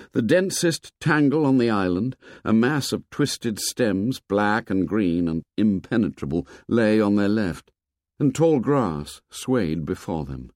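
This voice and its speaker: A man narrating a novel as an audiobook in a measured, expressive storytelling manner. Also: lowish voice, no echo, studio quality.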